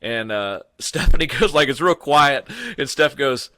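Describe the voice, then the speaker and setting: Animated, bright-voiced man telling a story. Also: medium pitch, measured pace, a little hiss or hum. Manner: animated, chatty, fillers like "you know" and "man". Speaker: podcast guest. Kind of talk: casual storytelling.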